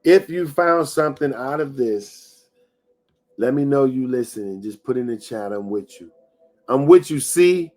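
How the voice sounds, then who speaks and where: A man's voice: mid-range voice, animated, a little slow, a little mellow. A man hosting a live-streamed motivational talk. He repeats his lines and speaks straight to the viewers, over and over. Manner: preachy and repetitive, talks straight to viewers.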